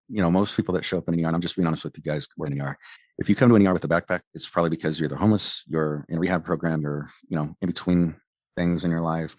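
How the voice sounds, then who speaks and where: A man's voice: low voice, no echo, studio quality. A man who was a medic tells a heated, profane personal story, rambling and swearing as he goes. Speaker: former medic telling his story. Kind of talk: angry personal account.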